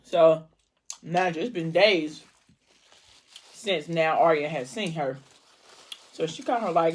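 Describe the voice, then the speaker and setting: A woman's voice: deep voice, slow, pauses often. A woman vlogger casually retelling a book plot between bites and acting out the dialogue. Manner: conversational, with fillers. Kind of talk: casual storytelling while eating.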